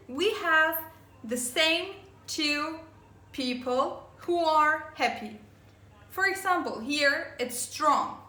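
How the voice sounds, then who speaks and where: A woman teacher giving an English grammar lesson, slowly spelling out endings and repeating words for her students. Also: sits high, bright, forceful tone. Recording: echoey room.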